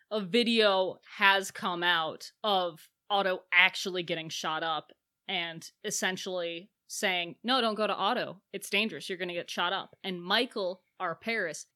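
Animated bright woman recapping a film. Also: mid-range voice, unhurried. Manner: animated, acts out characters' lines. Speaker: podcast co-host. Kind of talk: casual film recap chat.

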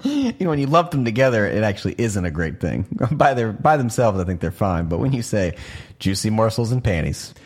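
A lower-pitched man with a husky, slightly breathy voice, co-hosting a relaxed podcast. He tells meandering stories and teases his friends, his pitch swinging widely as he talks. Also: fairly quick. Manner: rambling, teasing storyteller. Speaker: podcast co-host. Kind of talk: casual chat.

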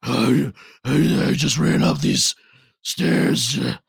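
A man voicing a gravelly, out-of-breath brooding hero, in a mocking impression. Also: mid-range voice, takes it slowly, no echo, studio quality, exaggerated voice.

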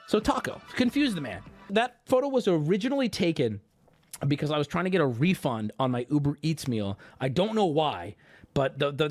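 Animated, high-pitched livestream host man. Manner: rambling, excitable, swears freely, sudden shouts and laughs. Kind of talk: casual stream chat.

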